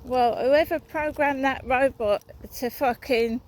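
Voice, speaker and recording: A woman's voice: sits high, fairly even intonation, slow, a little hiss or hum, rough recording. A woman vlogging outdoors on a walk, ranting in an aggrieved, rambling way and swearing freely into a phone. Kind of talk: rambling walk-and-talk vlog.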